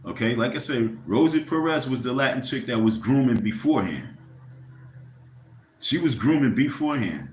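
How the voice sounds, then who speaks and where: A man's voice: mid-range voice, slight background noise. Man ranting in a roomy echo. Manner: rambling, profane, heated; addresses viewers directly, asks for likes. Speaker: livestream host. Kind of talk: casual ranting commentary.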